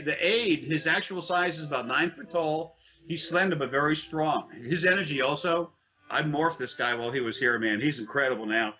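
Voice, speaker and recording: A man telling a long personal story in casual speech, halting often with fillers and restarts and swearing bluntly. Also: on the high side, sharp tone, highs cut off. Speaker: interviewee.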